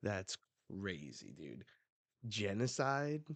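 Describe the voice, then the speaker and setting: A man's voice: fairly low pitch, huge pitch swings, slow, vocal fry, fairly bright tone, no echo. A man streaming a casual live reaction, laid-back, with fillers, reading aloud and commenting. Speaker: streamer reacting to a manga chapter.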